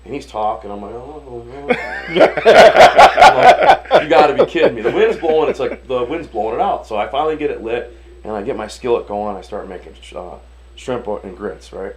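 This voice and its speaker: A man from Detroit, a restaurant owner and chef, telling animated stories in a casual interview, acting out the voices of the people in them and swearing casually. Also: fairly low pitch, fairly quick, crowd noise, rough recording. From Detroit, USA.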